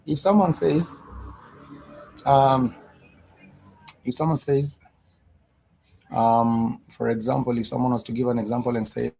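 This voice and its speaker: A man teaching a live-streamed Swahili grammar lesson, explaining slowly and repeating himself with many fillers and restarts. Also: mid-range voice, fairly even intonation, creaky, dark tone, slightly rough, rough recording.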